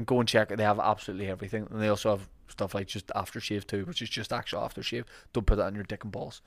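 A man's voice: fairly low pitch, level tone, very fast, gravelly, hardly any pauses. Jokey Northern Irish man hosting. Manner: jokey, rambling, laughs often. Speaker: podcast host. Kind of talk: casual podcast chat and ad reads.

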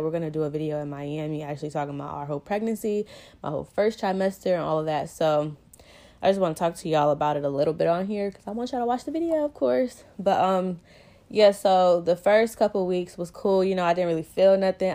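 Chatty young woman with a mellow voice. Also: fairly low pitch. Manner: chatty, rambling, frequent "like" and "you know". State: pregnant, short of breath. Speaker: vlogger. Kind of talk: casual chat to viewers.

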